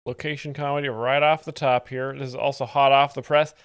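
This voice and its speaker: Man, stream host, deadpan, sarcastic, smooth clear voice. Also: mid-range voice, brisk. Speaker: stream host explaining jokes. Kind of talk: deadpan live-stream commentary.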